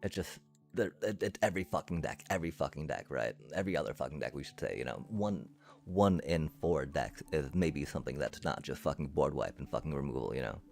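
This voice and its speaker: A man's voice: rumbling low, lively intonation, brisk, creaky. A male streamer ranting to his chat, angry and profane, swearing through his frustration. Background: faint music.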